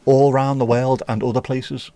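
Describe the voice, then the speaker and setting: Reading out viewer comments on a casual livestream, this British host riffs on them in an opinionated, mildly profane manner. His warm, mid-range voice has little pitch movement and moves at normal speed.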